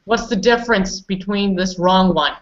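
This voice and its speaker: During an online pronunciation class, a woman speaking at medium pitch and normal speed teaches English, calling students by name and patiently fixing their mistakes. The audio lacks its high end.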